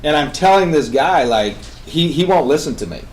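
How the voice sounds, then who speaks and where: A man on a talk show, telling a story with energy. He swings between loud, emphatic bursts and hushed, intense passages. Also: fairly high pitch, lively intonation, moderate pace, poor audio. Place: radio studio.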